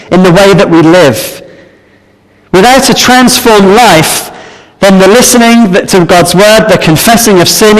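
Male preacher, earnest and measured, high-pitched, echoing church hall. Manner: earnest, measured Bible exposition with some restarts. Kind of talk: sermon. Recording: reverberant hall.

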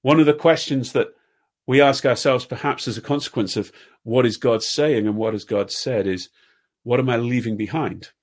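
A man in his fifties preaching a sermon, earnest, asking repeated questions and dropping to soft tones at times. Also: mid-range voice, normal speed. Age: 50s. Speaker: pastor.

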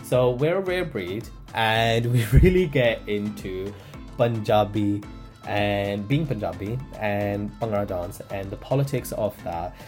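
A man hosting a podcast, reading an upbeat intro and then chatting in a lively, teasing way. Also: fairly low pitch, slow pace, soft background music. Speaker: podcast host. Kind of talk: scripted intro then casual chat.

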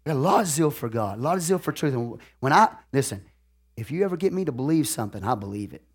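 A man preaches in a fairly high voice, telling folksy stories to his congregation. He swings between loud, excited bursts and quiet, confiding asides, and keeps asking the room if they follow him. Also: fast, husky. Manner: animated storytelling with big swings in loudness and sudden outbursts; folksy and conversational, often checking in with the audience. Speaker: pastor.

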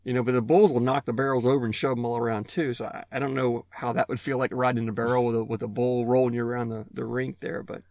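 A man's voice: medium pitch, level tone, fast, hardly any pauses, a little mellow, no echo. Rambling man hosting a casual chat. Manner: rambling, many restarts and fillers. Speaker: podcast host asking questions.

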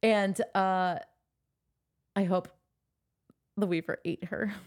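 A woman's voice: mid-range voice, fairly even intonation, takes it slowly. A young woman co-hosting a casual book podcast, retelling the story with laughs and playful swearing. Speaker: podcast co-host.

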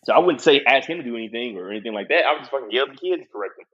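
A man's voice: mid-range voice, lively intonation, rapid-fire, slightly rough, highs cut off. A young man telling a story in casual, profane chat, laughing often.

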